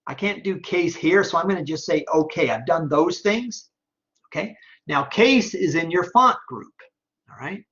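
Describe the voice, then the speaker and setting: A man teaching an online class, talking step by step through a screen-recorded software tutorial and checking in often with "okay?". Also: a little high, lively intonation, moderate pace, dull audio. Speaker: online instructor.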